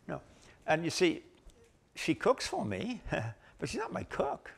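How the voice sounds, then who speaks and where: A man giving a Bible lecture in a conversational way, pausing and restarting, with gentle self-deprecating humor. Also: on the high side, big pitch swings, creaky. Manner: halting, with restarts and pauses. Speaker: Bible teacher.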